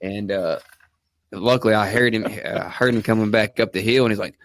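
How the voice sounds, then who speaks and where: Low-voiced man hosting a podcast. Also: fairly even intonation, normal speed, no echo. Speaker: podcast host. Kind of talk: casual podcast interview.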